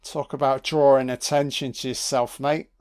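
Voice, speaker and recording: A man's voice: medium pitch, flat delivery, moderate pace, darkish tone, clear, resonant tone. A man giving a sarcastic, profanity-laced audio commentary while watching a film. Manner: sweary, sarcastic, reacting live.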